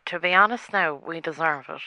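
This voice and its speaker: A woman's voice: sits low, a little fast, sharp tone, no echo. Woman as a scolding doomsayer. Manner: blunt, scolding. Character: doom-saying Irish woman caller, scolding.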